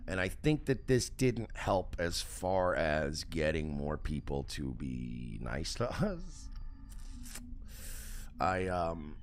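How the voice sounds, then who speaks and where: Creaky, animated male stream host. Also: very deep voice, slow pace, slight background noise. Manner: profane, animated storytelling. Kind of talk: casual livestream rant.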